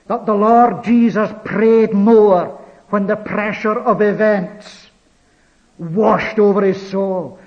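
A male preacher delivering a sermon, emphatic, repeating key phrases and slowing on stressed words. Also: sits high, muffled recording.

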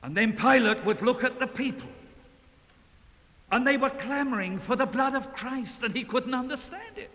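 A man preaching a sermon in a large hall, dramatic, swinging from loud passages to hushed ones. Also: very high-pitched, animated, normal speed. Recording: long hall reverb, faint hiss.

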